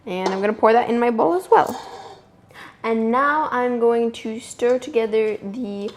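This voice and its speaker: A woman's voice: fairly high pitch, unhurried. A young woman hosting a casual home baking tutorial, chatty and self-amused, talking while she works in her kitchen. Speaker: home baking video host. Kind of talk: casual cooking tutorial narration.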